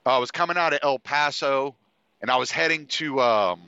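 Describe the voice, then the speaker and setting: Man, podcast host, rambling, swearing, congested, bright tone, dry lo-fi sound. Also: mid-range voice, a little fast, vocal fry, clear, resonant tone, no room sound. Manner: rambling, profane, with frequent fillers and restarts. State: congested, sniffly. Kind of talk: casual monologue.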